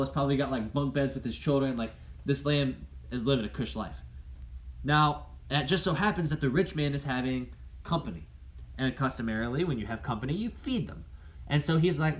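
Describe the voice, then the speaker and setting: Male teacher, casual and chatty, animated storyteller in a high school Bible class. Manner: casual and conversational, with many fillers.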